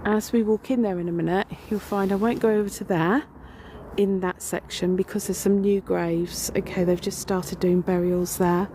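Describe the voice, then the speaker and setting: A woman chats her way through a graveyard in a casual vlog, rambling and filling pauses as she tells a ghost story. She talks outdoors into a handheld phone. Faint outdoor noise sits behind her voice. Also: medium pitch, fairly even intonation, mellow. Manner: chatty, rambling storytelling with fillers. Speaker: paranormal vlogger.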